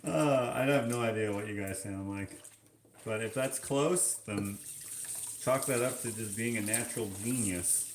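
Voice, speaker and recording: A man from Canada talks at an unhurried, drawn-out pace, musing and joking as he reads comments from viewers. His mid-pitched voice bounces around a roomy kitchen. A faint hiss sits under it, along with running water. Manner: slow, offhand, musing and joking. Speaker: vlogger. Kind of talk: casual livestream chat, reading comments. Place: kitchen, washing dishes.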